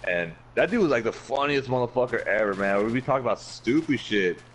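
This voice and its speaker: A man's voice: mid-range voice, lively intonation, a little fast, slight background noise, low-quality recording. A man hosting a podcast, swearing freely, telling stories in casual chat and acting out what his friends said. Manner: profane, laughing, acts out quoted friends. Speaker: podcast host.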